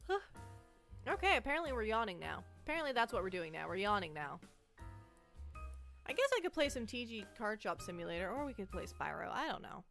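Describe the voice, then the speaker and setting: Brief: jittery woman streamer, bright high voice, faint music behind. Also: very animated, brisk, creaky. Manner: nervous, rambling, self-interrupting. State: anxious and shaky. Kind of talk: casual live-stream chat.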